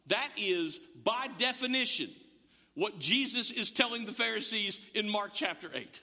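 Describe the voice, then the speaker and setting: A man's voice: very high-pitched, lively intonation, moderate pace, bright, forceful tone. A male pastor giving a conversational sermon in a church, full of stammering restarts and joking asides. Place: church sanctuary. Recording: long church reverb.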